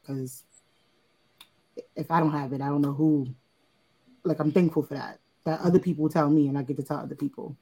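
Animated storytelling mom on a panel. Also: female voice, fairly quick, pauses often, husky, poor audio. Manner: animated storyteller, acts out quoted voices in a high pitch. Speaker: panelist and mother. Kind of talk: casual panel chat.

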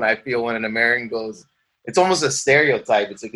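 A man's voice: medium pitch, brisk, bright, forceful tone. A man from Canada, a stand-up comedian, chatting casually in a rambling, ranty storytelling way and slipping into playful voices. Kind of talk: casual interview chat.

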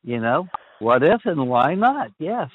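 An older man hosts a call-in chat, pondering big questions aloud and tripping over his own restarts. His voice sits a little high and swings widely. It comes through dry and narrow, like a phone line. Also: big pitch swings, a little slow, husky, no echo. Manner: ponderous, repeats and restarts phrases. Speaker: call-in show host.

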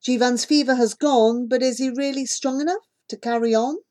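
A woman narrating a children's novel in first person as an audiobook, calm and measured. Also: high-pitched.

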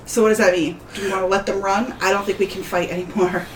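A woman playing a tabletop game, asking quick, suspicious questions. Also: mid-range voice, fairly even intonation, a little hiss or hum. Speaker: player. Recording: roomy echo.

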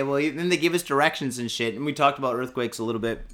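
A podcast host telling a casual story, excitable and profane, with lots of filler words. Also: male voice, on the high side, very fast, hardly any pauses. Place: podcast studio.

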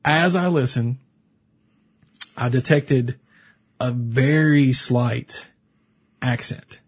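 Husky man telling a story. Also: mid-range voice, drawn-out words, lo-fi sound. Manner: animated anecdotal storytelling. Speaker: podcast co-host. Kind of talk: casual chat.

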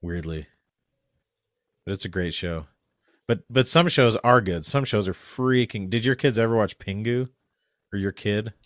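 A middle-aged man chatting casually as a podcast co-host, quick to laugh and joke. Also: lowish voice, no room sound, clean studio sound. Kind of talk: casual chat.

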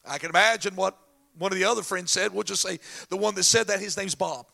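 Gravelly high-voiced male preacher. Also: fast. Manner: animated storytelling, folksy asides. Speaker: pastor. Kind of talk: sermon.

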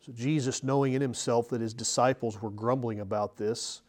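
A male pastor delivering an expository sermon from the pulpit, earnest and emphatic, moving between loud and soft. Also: medium pitch, fairly even intonation, normal speed. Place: church, speaking from the pulpit.

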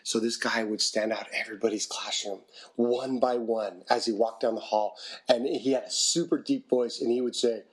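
A man's voice: medium pitch, normal speed. A man co-hosting a podcast who tells funny anecdotes in a loose, chatty way. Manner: animated storyteller, chatty with fillers. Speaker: podcast co-host. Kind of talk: casual podcast chat.

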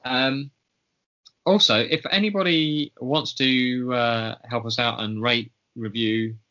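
A man's voice: mid-range voice, steady tone, slow pace, sharp tone. A man hosting a podcast in casual chat, hesitant and full of fillers. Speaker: podcast host. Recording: dull lo-fi recording.

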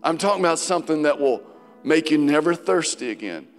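A man preaching a sermon as pastor, passionate, swinging between loud declarations and hushed quotes from scripture. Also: fairly high pitch, lively intonation, a little fast. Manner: passionate preaching, voice rising and dropping, quoting scripture dramatically. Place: church sanctuary. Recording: church hall with long reverb and faint music.

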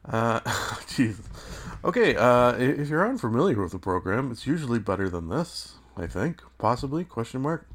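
A man hosting his own podcast, talking in a rambling, self-deprecating way with dry asides, his voice a little hoarse from just waking up. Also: mid-range voice, very animated, normal speed. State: morning voice, slightly hoarse. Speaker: podcast host. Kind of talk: casual solo media review.

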